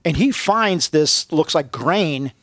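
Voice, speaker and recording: A man's voice: fairly high pitch, expressive, slow, a bit bright, dry recording, clean studio sound. A man telling profane war stories in casual chat, laughing often and acting out what others said. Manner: profane, laughing, acts out quoted voices. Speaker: podcast guest.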